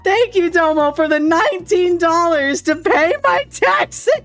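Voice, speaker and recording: A man's voice: very high-pitched, normal speed, a bit bright, faint music behind. A man streaming live, chatting casually with viewers in a rambling way, laughing often and swearing freely.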